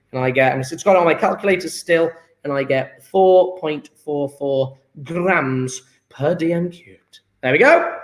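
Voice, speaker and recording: Upbeat high-voiced male chemistry teacher. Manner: upbeat, thinks aloud while calculating. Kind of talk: talking through exam questions.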